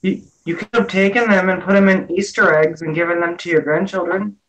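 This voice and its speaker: A man's voice: sits high, fairly even intonation, fairly quick, fairly bright tone, rough recording. A man chatting casually on a stream, teasing and blunt. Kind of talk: casual chat.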